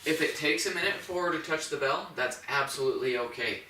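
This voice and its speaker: Speaking a little fast in a pushed, bright voice, this man is a dog trainer demonstrating step by step at home, plain and practical, with a high praise voice for the puppy. The mic is distant, picking up roomy echo and a little hiss or hum.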